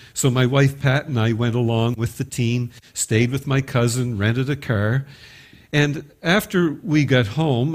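A middle-aged man preaching a sermon in a conversational, storytelling manner. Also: mid-range voice. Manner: conversational storytelling, occasional stumbles. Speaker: pastor.

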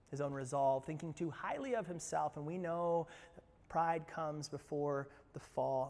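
Pastor guy preaching, high-ish voice, gets loud then drops real quiet, big churchy reverb. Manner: animated, swings from loud bursts to quiet low asides. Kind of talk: sermon. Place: church sanctuary.

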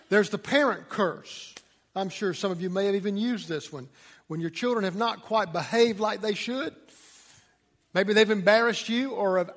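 Man, pastor, sermon, folksy storytelling, lots of fillers, high-pitched, reverberant hall. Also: fairly bright tone. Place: church.

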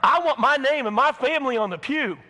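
A self-important churchgoer whines for recognition in a high, insistent voice, as a man preacher mocks him. The sound rings bright with a long hall reverb. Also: expressive, a little fast, exaggerated voice. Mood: demanding. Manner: raised, insistent, whiny.

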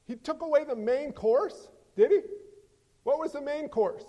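A man preaching a sermon as pastor, animated, swinging from loud exclamations to hushed emphasis. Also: very high-pitched, measured pace. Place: church sanctuary. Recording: long hall reverb.

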